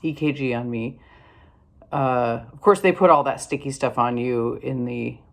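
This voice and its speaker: A woman's voice: extremely low pitch, a little slow, creaky. A tired older woman telling a rambling, wry story in a casual vlog, with lots of fillers and restarts. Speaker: vlogger.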